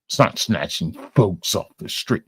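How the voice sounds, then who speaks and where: A man's voice: low-pitched, expressive, measured pace, a bit bright, breathy edge, no room sound, studio quality. An angry young man ranting in a profane commentary, reacting to clips and swearing constantly.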